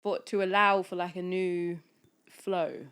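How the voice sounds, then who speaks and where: A woman speaking as a podcast guest, a coach talking in a soft, flowing, earnest way with many fillers. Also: fairly low pitch, little pitch movement, slow, clean tone. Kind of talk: casual podcast conversation.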